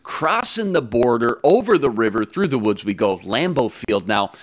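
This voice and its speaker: A man co-hosting a sports talk show, talking with energetic, joking hype. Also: medium pitch, moderate pace, no room sound, studio quality.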